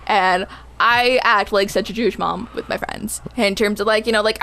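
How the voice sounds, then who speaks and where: A woman's voice: medium pitch, steady tone, moderate pace, creaky, pushed and bright, slight background noise. A young woman chatting as a podcast guest, bubbly and giggly, often laughing at herself. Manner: giggly, bubbly, self-deprecating. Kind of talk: casual chat.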